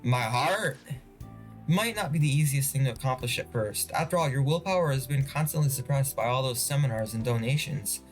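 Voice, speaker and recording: Picture an earnest young woman fortune teller from a game, gentle and insistent as she urges people to find their own strength. A man reads her lines in his own mid-range voice. Faint game music plays beneath. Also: mid-range voice, animated, fairly quick, close to an everyday voice. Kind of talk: voiced reading of game dialogue.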